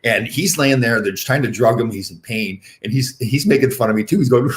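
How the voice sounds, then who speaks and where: A man's voice: medium pitch, brisk. A man in his fifties hosting a casual interview, rambling with lots of fillers and restarts. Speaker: podcast host.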